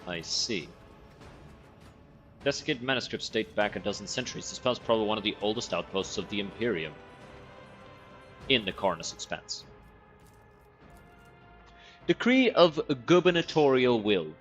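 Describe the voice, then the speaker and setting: A man's voice: on the low side, moderate pace, long pauses, a bit bright, faint music behind. A man streaming a video game in casual commentary, reading in-game text aloud and reacting with wry, profane remarks. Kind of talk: casual let's-play commentary.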